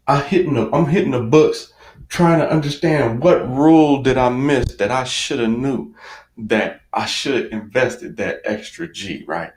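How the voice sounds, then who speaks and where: A man who works as a finance coach, telling a story about himself in a lively, self-mocking way and acting out his own inner dialogue. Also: lowish voice, a little slow, slight background noise. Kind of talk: storytelling monologue. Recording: echoey room.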